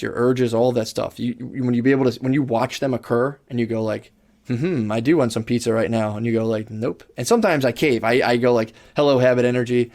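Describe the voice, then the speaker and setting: A man's voice: mid-range voice, darkish tone. Young guy rambling on a podcast, lots of likes and restarts, swears a bunch. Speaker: podcast co-host. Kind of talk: casual podcast chat. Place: podcast studio.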